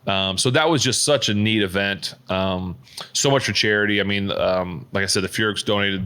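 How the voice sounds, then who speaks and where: Rambling low-voiced man chatting. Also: moderate pace, sharp tone, clean tone. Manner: rambling, many fillers and restarts. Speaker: podcast co-host. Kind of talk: casual chat.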